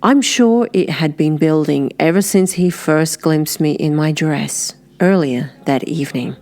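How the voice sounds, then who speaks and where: A woman narrating an audiobook in the first person, unhurried, sometimes dropping to a breathy whisper. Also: sits low, a little mellow.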